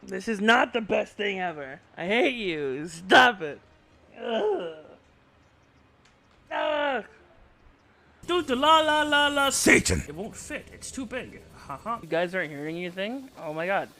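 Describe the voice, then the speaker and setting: An excitable male streamer with a high, bright voice that swoops up and down constantly. He bickers playfully with his chat and breaks into yelps and shouts. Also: measured pace. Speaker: VTuber livestreamer. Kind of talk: live-stream gaming chatter.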